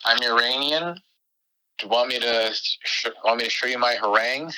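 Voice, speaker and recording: A man's voice: mid-range voice, normal speed, sharp tone, rough recording. A man who is a guest on a comedy podcast, giggly and rambling in casual banter.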